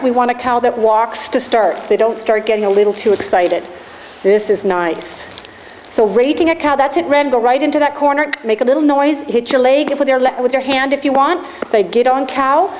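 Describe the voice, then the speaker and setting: Brisk and a little mellow, a high-voiced woman gives live coaching as a riding instructor in an indoor arena, directing and encouraging riders through each step. The arena echoes, with faint ambient noise.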